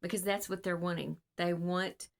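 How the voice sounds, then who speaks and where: Woman casting director, lowish voice, casual and earnest advice to camera, rambling with lots of fillers, video call. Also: steady tone, moderate pace, gravelly.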